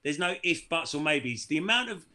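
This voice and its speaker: Bright-voiced joking man. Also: fairly high pitch, big pitch swings, moderate pace. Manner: jokey, laughing banter. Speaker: podcast co-host. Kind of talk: casual chat.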